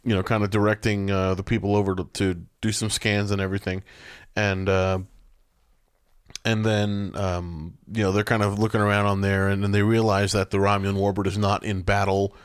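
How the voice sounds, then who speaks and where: Low-voiced man rambling through a recap. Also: little pitch movement, normal speed, clean tone, no room sound, clean studio sound. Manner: rambling, many restarts and fillers, checks his notes. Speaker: podcast co-host. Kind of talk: casual episode recap chat.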